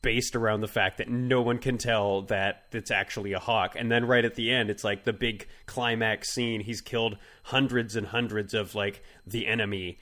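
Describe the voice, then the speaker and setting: Brief: male podcast co-host, low-pitched, rambling comic chat full of restarts. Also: steady tone, fairly bright tone. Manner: rambling, halting with many fillers and restarts. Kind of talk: casual comedic chat.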